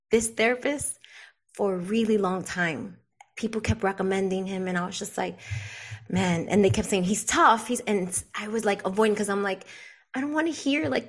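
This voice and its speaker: This is a woman, a guest on a podcast. She tells a personal story with animated energy, slipping into the voices of the people she quotes and dropping in plenty of "like." Her pitch sits in an ordinary middle range. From the Bronx, New York. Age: 40s. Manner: animated, acts out quoted dialogue, frequent "like".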